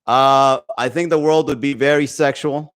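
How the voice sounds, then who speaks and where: A man's voice: medium pitch, steady tone, moderate pace, fairly bright tone, clean tone. A man hosting a comedy podcast, chatting casually with his stream, rambling, swearing freely and laughing often. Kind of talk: casual livestream chat.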